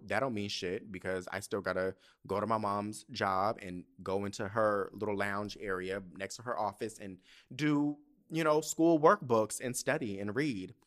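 A man in his thirties hosting a podcast, telling a story in a casual, animated way, cursing freely and laughing mid-sentence. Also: mid-range voice. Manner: animated, profane, laughs mid-sentence, swings loud to hushed. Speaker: podcast host.

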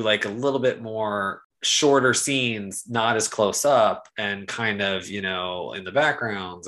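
Lower-voiced man rambling with bright edge. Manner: rambling, hedging with fillers. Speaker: podcast co-host. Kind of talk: casual podcast chat.

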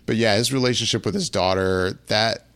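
Man, podcast host, very low voice, dry sound, rambling, full of fillers. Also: normal speed, a bit bright, clean tone, no room sound. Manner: rambling, lots of fillers and restarts. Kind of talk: casual chat.

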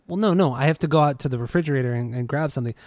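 A man's voice: mid-range voice, rapid-fire, a little mellow, no echo. A man co-hosting a casual music podcast, laid-back and swearing freely in conversation. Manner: laid-back, profane, laughing easily. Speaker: podcast co-host.

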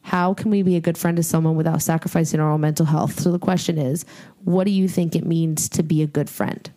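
A woman's voice: low-pitched, steady tone, fairly quick, dark tone. A woman hosting a casual podcast chat who reads out the questions and teases her co-hosts. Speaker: podcast host.

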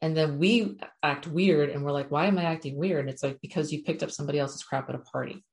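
A woman's voice: low-pitched, fast talker. A middle-aged woman, an animal communicator, giving a chatty, frank spiritual talk to her viewers with casual swearing.

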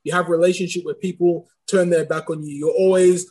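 A man's voice: high voice, fairly even intonation, a little fast, darkish tone, low-quality recording. Earnest man with a speech impediment. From Australia. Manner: earnest, searching, restarts often. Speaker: guest, course creator and preacher. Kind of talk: reflective interview talk.

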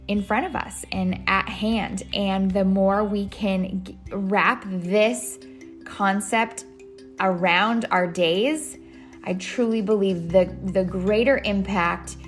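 A woman in her thirties hosts a solo podcast in a loose, chatty way, full of ums and quick restarts. Her voice sits at an ordinary middle pitch. Soft music plays faintly underneath. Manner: chatty, many fillers and restarts. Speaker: podcast host. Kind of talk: casual solo podcast talk.

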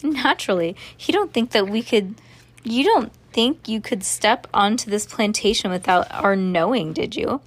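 A woman's voice: medium pitch, lively intonation, normal speed, lightly acted. A woman voicing a cold, cruel woman villain who speaks with clipped scorn. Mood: mocking.

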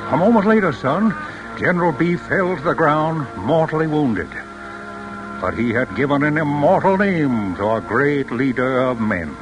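A man's voice: fairly high pitch, lively intonation, normal speed, over music, close to an everyday voice, poor audio. An actor playing an old grandfather and war veteran telling stories to his grandson in a radio play. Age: older. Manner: fond storytelling, chuckling. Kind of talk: 1940s radio acting.

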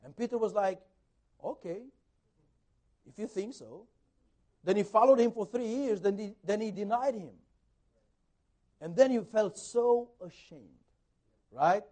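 A man preaching a conversational sermon as a pastor, swinging between loud emphasis and soft asides, sometimes acting out dialogue. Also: high voice, a little slow, pauses often. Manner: acts out quoted dialogue.

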